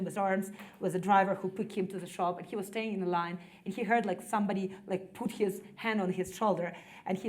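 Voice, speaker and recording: A woman from Ukraine, in her thirties, speaks English with a Ukrainian accent. She gives a personal account to an audience, pausing often and leaning on "like" as she searches for words. Her delivery is earnest and conversational. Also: mid-range voice, darkish tone. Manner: halting non-native English, frequent "like" fillers, earnest. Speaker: executive director speaking to an audience. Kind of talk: personal testimony, conversational speech.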